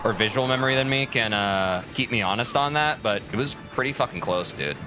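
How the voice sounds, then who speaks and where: A man's voice: mid-range voice, fairly quick, music in the background. A young man streaming a speedrun, chatting casually with his viewers, answering their messages and swearing freely. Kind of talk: casual live-stream chat while playing.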